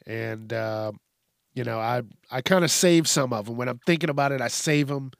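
On his own podcast, this host launches into a rambling, foul-mouthed, blunt rant in a casual solo talk. His gravelly, mid-range voice moves at a moderate pace, captured cleanly in the studio with no room sound.

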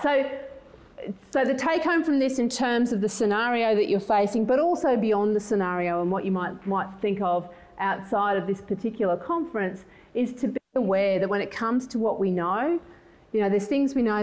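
A woman's voice: medium pitch, fairly quick. A middle-aged woman giving a conference talk, telling personal stories with frequent restarts and filler words. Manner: lively storytelling, acts out quoted voices. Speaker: conference speaker.

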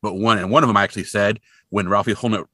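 A man hosting a podcast, casually recapping a movie as an animated storyteller who acts out the characters. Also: fairly low pitch, very fast, no room sound, studio quality. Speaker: podcast host.

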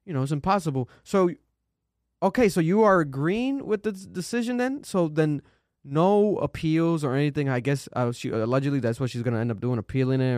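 A man's voice: mid-range voice, darkish tone, no echo, clean studio sound. A man casually reacting to an interview clip, rambling with many restarts and swearing. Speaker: reaction streamer.

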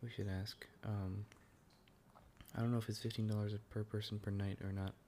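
A man's voice: fairly low pitch, little pitch movement, moderate pace, dark tone, slight background noise. A man, co-hosting a podcast, talking in a laid-back, slangy way with dry asides. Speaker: podcast co-host. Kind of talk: casual chat.

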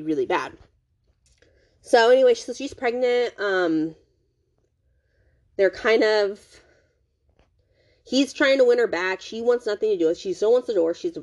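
A woman talks through a novel's plot in loose, rambling casual chat. She constantly fills gaps with "like" and "um" and keeps restarting her sentences. Her voice sits slightly low for a woman. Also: a little mellow. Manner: rambling, heavy use of "like" and "um", frequent restarts. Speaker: podcast host. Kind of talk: casual book recap.

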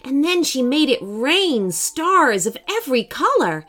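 Animated woman reading a children's story. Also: high voice, a little slow. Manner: expressive and animated.

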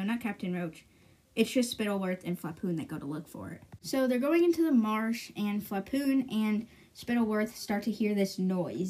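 Woman podcast host, casual book recap, filler-heavy and conversational, average pitch. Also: darkish tone. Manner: chatty, filler-heavy, lots of "like" and "you know".

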